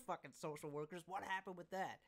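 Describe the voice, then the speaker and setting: A man hosting a reaction video, chatting casually, excitable and quick to giggle. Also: high-pitched, a little hiss or hum.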